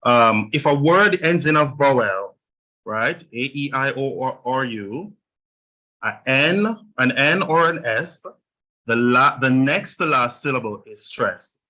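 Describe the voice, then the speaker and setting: Jamaican male teacher, bright forceful tone, slightly dull lo-fi sound, patient step-by-step explainer. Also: mid-range voice, expressive, slow pace. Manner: explains step by step, checks in with "right?". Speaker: Spanish teacher. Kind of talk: online language lesson.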